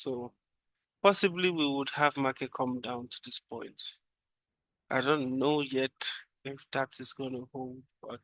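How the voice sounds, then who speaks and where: Flat-voiced man walking through charts. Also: mid-range voice, no room sound. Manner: thinks aloud, repeats phrases. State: yawning, drowsy. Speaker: trading analyst. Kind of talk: casual chart walkthrough.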